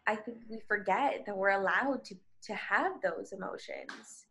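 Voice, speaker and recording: A woman's voice: mid-range voice, expressive, unhurried, vocal fry, fairly bright tone, slight background noise. Candid woman sharing her story. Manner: candid, heartfelt. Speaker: podcast guest. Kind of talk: personal storytelling in conversation.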